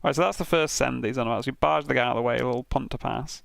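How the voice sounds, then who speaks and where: A man's voice: medium pitch, rapid-fire, gravelly, a bit bright, dry recording. British male streamer, dry close sound, loose rambling banter full of swearing and laughter. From Britain. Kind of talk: casual commentary reviewing racing incident clips.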